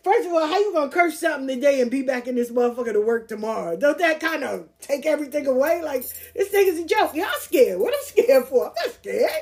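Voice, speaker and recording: A woman's voice: high-pitched, animated, quick pace, few pauses, a little mellow. A woman hosting a podcast, telling stories casually in a blunt, profane, streetwise way and laughing as she goes. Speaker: podcast host. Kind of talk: casual storytelling.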